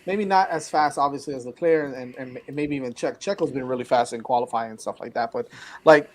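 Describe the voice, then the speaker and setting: Rambling laid-back podcast host. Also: male voice, mid-range voice, fast talker. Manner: rambling, filler-heavy, laughing. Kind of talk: casual sports chat.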